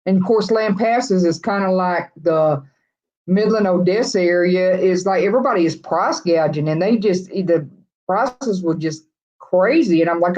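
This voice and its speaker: A middle-aged woman with a Texas accent rambles through a casual live-stream chat, answering viewers as she goes. Her voice sits at an ordinary pitch, and the sound is a little dull and lo-fi. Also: animated, moderate pace, a little mellow. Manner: rambling, chatty, reading out viewer comments. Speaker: vlog host chatting with live viewers.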